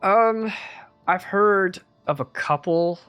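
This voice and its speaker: A man's voice: high voice, clear, resonant tone, highs cut off, pitched above the performer's own voice. A man voicing a polite, apologetic young male student from a church, in a tabletop game with guitar music behind. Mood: friendly. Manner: apologetic, friendly, slightly halting.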